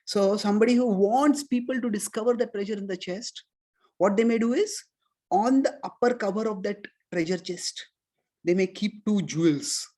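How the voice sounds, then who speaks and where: Man, Indian accent, middle-aged, scripture lecture, patient explaining, slow chanted verses. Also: high voice, darkish tone. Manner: explains step by step, chants Sanskrit verses slowly. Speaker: spiritual teacher.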